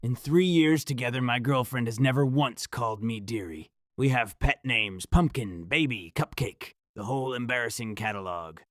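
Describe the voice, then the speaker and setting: A man narrating a first-person horror story in a dramatic, measured delivery. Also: mid-range voice, dry recording, studio quality.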